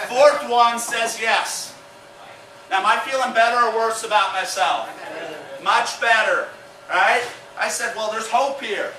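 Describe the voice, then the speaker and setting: A man in his forties giving an energetic motivational speech as a guest speaker, often putting questions to his audience. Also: high-pitched. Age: 40s. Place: meeting room at a business group event. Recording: echoey room, mic far off, noisy.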